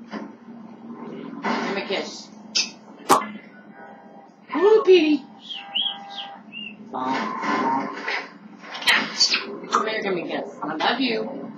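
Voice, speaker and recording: A woman's voice: mid-range voice, heavy background noise. A woman talking to her pet in coaxing, affectionate baby talk at home. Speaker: parrot owner. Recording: roomy, distant, dull lo-fi home video.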